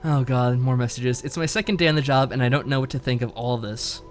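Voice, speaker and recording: Faint music plays behind a man streaming a visual novel, who talks fast at medium pitch. He keeps things casual and laid-back, reading the narration aloud with lively inflection.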